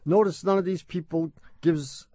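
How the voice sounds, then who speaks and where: A man's voice: fairly high pitch, fairly even intonation, moderate pace, warm tone. A middle-aged man co-hosting a comic radio call-in show, teasing and wisecracking. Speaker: radio co-host. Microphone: studio mic.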